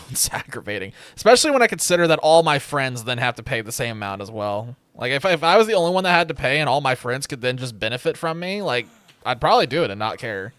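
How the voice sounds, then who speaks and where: A man's voice: mid-range voice, sing-song, quick pace, a bit bright, no echo. A young man streaming a game from home, rambling in casual commentary with wry, sarcastic asides. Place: home room with a webcam.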